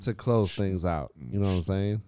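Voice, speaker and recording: A man's voice: low-pitched, normal speed, dark tone, slight background noise. A man co-hosting a casual, crude podcast chat, rambling with many fillers and laughing often. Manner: rambling, laughs a lot, sings songs. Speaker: podcast co-host.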